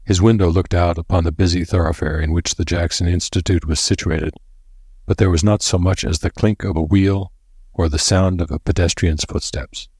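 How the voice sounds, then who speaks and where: A man narrating a story in a steady, measured reading voice. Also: low-pitched, husky, no room sound, studio quality. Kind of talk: audiobook narration.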